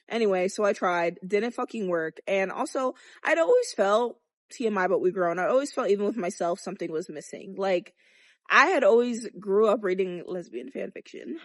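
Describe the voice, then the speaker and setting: A woman's voice: mid-range voice, animated, a little fast, dry recording, studio quality. A young adult woman filming a candid vlog outdoors, talking bluntly with lots of swearing and jokes. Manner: profane, blunt and joking. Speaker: vlogger. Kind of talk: candid chatty sex-education vlog.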